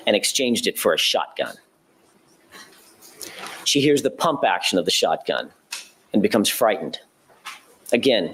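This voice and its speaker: A man giving a courtroom opening statement as a prosecutor, laying out events in a measured, methodical way with an occasional self-correction. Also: on the low side, slight background noise.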